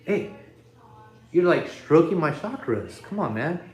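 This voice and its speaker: A man's voice: a little high, very animated, a little slow, echoey room. A man hosting a casual livestream from his living room, talking off the cuff into his phone and chuckling as he reads comments. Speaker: livestream host. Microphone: iPhone.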